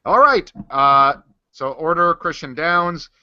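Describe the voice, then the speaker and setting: A man's voice: on the high side, expressive, slow pace, smooth, no echo, dull audio. A man hosting a podcast, playful and bantering with his co-hosts. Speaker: podcast host. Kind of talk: casual chat.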